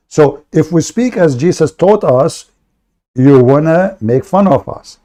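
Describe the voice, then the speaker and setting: A man's voice: on the high side, lively intonation, measured pace, warm tone. Combative man ranting on a livestream. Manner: aggressive, mocking, insulting. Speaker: livestream host. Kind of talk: heated livestream rant.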